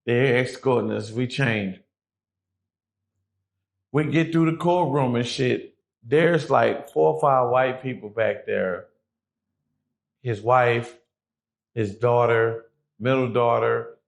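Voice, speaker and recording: A man's voice: medium pitch, slow, creaky, long pauses. A man telling a prison story in a casual, profane way, acting out the other people's voices. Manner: profane, animated, acts out quoted voices.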